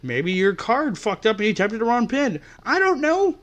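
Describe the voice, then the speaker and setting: A man's voice: high-pitched, expressive, moderate pace. A man hosting a podcast, telling customer-service stories in an exasperated, profane rant. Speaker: podcast host. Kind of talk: ranting storytelling.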